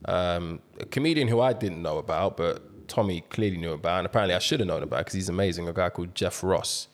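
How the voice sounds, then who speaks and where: Man, low voice, casual podcast chat, animated storyteller. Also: fast. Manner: animated storyteller, laughs through his own jokes. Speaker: podcast host.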